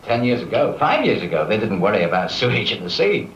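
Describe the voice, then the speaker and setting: A curt, irritable office boss. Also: male voice, on the low side, very animated, fast talker, a bit bright, roomy sound, lo-fi sound, a little hiss or hum. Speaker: actor in a film. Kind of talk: 1970s film drama.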